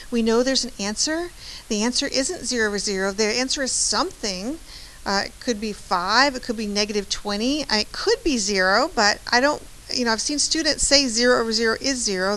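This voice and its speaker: A woman's voice: on the high side, fairly bright tone, rough recording. A woman math teacher giving a chatty, encouraging lecture, often checking in with "right?". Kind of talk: classroom lecture.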